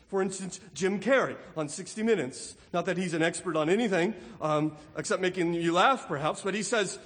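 A man's voice: high voice, fairly quick, few pauses, a bit bright. A middle-aged male pastor preaching an emphatic sermon, often asking "right?" as he makes his points. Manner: emphatic, rhetorical, with repeated "right?". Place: church sanctuary. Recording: long hall reverb.

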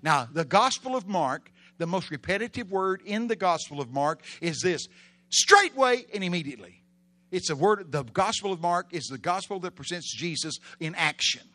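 A man preaching a sermon in a dramatic way, swinging between loud exclamations and hushed storytelling and drawing answers from the congregation. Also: a little high, no room sound. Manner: call-and-response with congregation.

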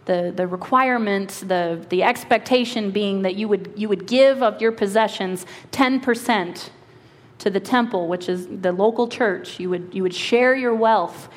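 A woman lead pastor preaching a sermon and reading scripture, earnest and slowing for emphasis, with quick asides. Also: medium pitch. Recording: long hall reverb.

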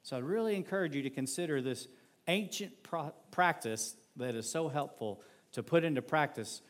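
A male pastor preaching a sermon in a conversational, animated way, acting out everyday scenes. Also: fairly high pitch, normal speed.

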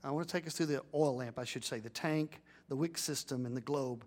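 A man's voice: mid-range voice, brisk, darkish tone. A man preaching a sermon as pastor, building to emphatic peaks and leading the congregation in call-and-response.

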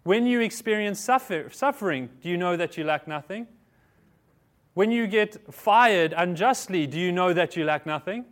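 Conversational man preaching, slightly high voice. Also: expressive, moderate pace, fairly bright tone. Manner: conversational preaching, asks the congregation questions; self-correcting, repeats words. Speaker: pastor. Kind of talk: sermon.

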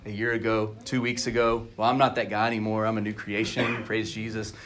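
A man's voice: lowish voice, flat delivery, fairly quick, noisy background. Candid conversational male pastor preaching. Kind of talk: sermon.

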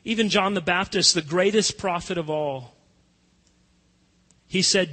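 A man preaching a sermon as pastor, emphatic, moving between hushed and loud passages. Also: sits high, a little slow, pauses often. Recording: long reverb of a church hall.

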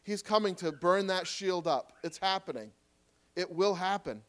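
Male pastor, slightly high voice, earnest pleading sermon delivery, loud urging dropping to quiet reassurance. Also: lively intonation, moderate pace, clean tone.

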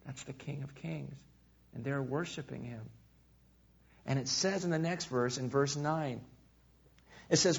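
Husky-voiced man preaching with fervor. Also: medium pitch, moderate pace. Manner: animated preaching, swinging between loud emphasis and hushed asides. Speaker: pastor. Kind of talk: sermon. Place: room with a live congregation.

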